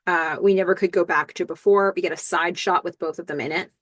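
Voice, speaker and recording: Woman doing a chatty show recap podcast, kinda low voice, lots of "like" and "i don't know", dry close mic. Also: steady tone, fast talker, fairly bright tone, dry recording. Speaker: podcast host recapping a TV episode. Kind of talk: casual recap, retelling scenes.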